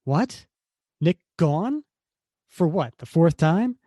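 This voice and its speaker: A man's voice: a little high, very animated, slow pace, warm tone, no echo, clean studio sound, voice pushed up, exaggerated voice. A man reading the lines of a blunt, defiant soldier hero in his own voice.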